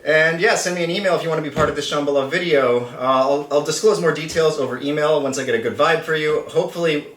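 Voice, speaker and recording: A man's voice: fairly high pitch, fast talker, few pauses, a bit bright, a little hiss or hum. A man hosting a casual vlog to camera, playful and self-mocking, rambling as he talks. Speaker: channel host. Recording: roomy, slightly distant mic.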